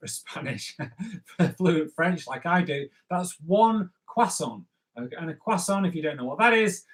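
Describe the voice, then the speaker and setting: A man guides viewers through a drawing. He rambles in a playful, jokey way, filling pauses with fillers as he draws. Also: on the high side, fairly bright tone, poor audio. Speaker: drawing tutor. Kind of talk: live drawing lesson.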